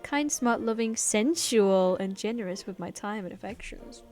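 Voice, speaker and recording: A vain, self-satisfied woman from a game brags coyly about her own charms, as a woman reads her lines. The voice sits in a middle register. Game music plays clearly behind her. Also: mid-range voice, moderate pace, a little mellow, natural voice. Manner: coy, boastful.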